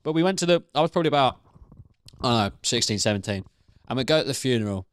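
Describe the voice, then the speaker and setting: A man's voice: medium pitch, animated, fast talker, no room sound. A young man co-hosting a comedy debate podcast, telling rambling stories with plenty of swearing and laughter. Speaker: co-host. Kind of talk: casual comedy debate chat, anecdotes.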